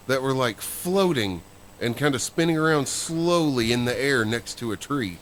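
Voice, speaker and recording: A man's voice: medium pitch, big pitch swings, a little slow, a bit bright, slight background noise. A man co-hosting a podcast, telling a story in a rambling, casual way. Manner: rambling storyteller with fillers and restarts. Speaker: podcast co-host.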